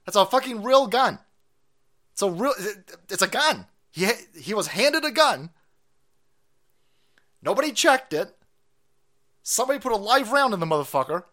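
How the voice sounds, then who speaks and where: A man hosting a political livestream, ranting loudly and crudely with sarcastic laughs. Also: high-pitched. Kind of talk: profane political rant.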